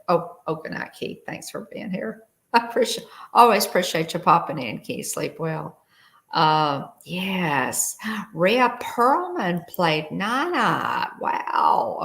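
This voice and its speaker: Chatty woman with gravelly voice. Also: on the low side, fairly bright tone. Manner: chatty, reads trivia aloud and greets viewers. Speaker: livestream host. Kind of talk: casual livestream chat.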